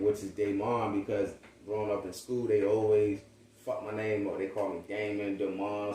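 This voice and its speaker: A male rapper from Virginia tells his story in loose, slang-filled talk. He drops into quick impressions of the people he quotes. He sits back from the mic in a room with a lot of echo. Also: on the low side, slight background noise. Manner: animated, slangy, acts out quoted voices. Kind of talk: casual storytelling interview. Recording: roomy echo, distant mic.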